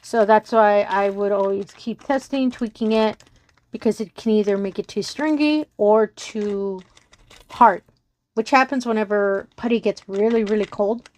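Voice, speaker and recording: A woman's voice: mid-range voice, measured pace, darkish tone. A woman from Texas, chatting casually to her viewers at home in a bubbly, giggly, apologetic, rambling way. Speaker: crafting channel host.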